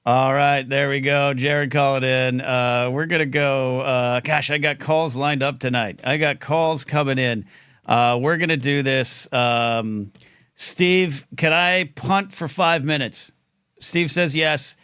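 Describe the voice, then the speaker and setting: A man hosting a live call-in talk show, rambling and excitable with lots of restarts. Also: mid-range voice, slow pace, clean tone, dry recording, clean studio sound. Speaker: host.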